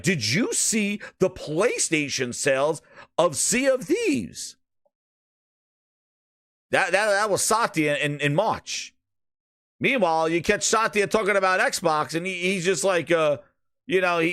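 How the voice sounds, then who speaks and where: Solo male gaming host, loud mocking rants, higher voice, dry close mic. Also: no echo. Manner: profane, mocking, animated. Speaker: podcast host. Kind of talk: casual gaming rant.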